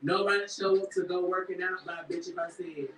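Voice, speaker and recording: A woman's voice: on the low side, level tone, fast talker, reverberant, recorded from a distance, very noisy. A woman cast member talking candidly and emotionally about her life, often acting out what others say. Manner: emphatic, emotional, quotes others in put-on voices. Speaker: reality show cast member. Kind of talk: candid confessional chat.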